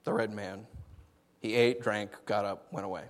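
Animated preacher in a reverberant hall. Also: male voice, on the low side, normal speed. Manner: animated, playful storytelling with big vocal swings. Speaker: pastor. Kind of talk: sermon. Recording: long reverb of a large hall.

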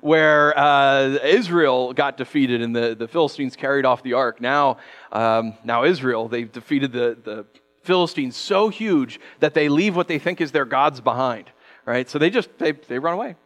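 A man preaching a sermon as pastor, conversational and animated, acting out quick quoted voices. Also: medium pitch.

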